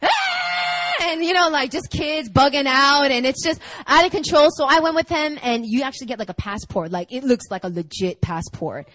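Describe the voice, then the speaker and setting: A young adult woman preaching a conversational sermon, telling stories in a chatty, animated way full of "like" and laughter. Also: sits high, fairly quick, few pauses, raised voice, rough recording.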